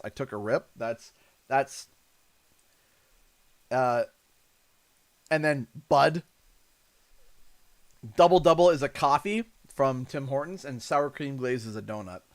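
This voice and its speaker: A Canadian man hosting a livestream, chatting in a rambling, effusive way and thanking viewers over and over. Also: on the high side. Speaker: livestream host. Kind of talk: casual livestream chat.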